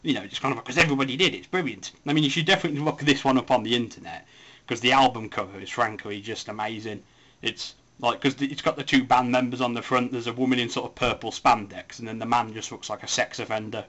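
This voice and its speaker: A man's voice: medium pitch, fast talker, fairly bright tone, dull audio. A young man rambling through a casual spoken post for a forum, self-mocking and wandering off topic. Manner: rambling, self-mocking, puts on silly voices. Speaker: forum voice poster.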